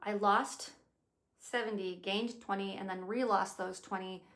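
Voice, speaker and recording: A woman in her fifties chatting casually as she plans her day out loud, rambling and swearing now and then. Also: medium pitch, steady tone, a little slow, roomy sound. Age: 50s. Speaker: vlogger. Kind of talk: casual day-planning chat.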